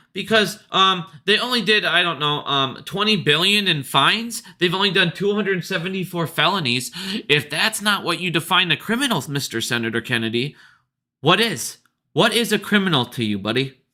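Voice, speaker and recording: This video commentator, a man with a fairly high, sharp voice, rants with profane, sarcastic commentary and mocks people.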